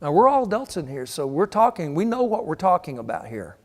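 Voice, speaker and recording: Older preacher in a church hall. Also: male voice, on the high side, a little fast. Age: 60s. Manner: animated storytelling, acts out quotes with shifting voice. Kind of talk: sermon.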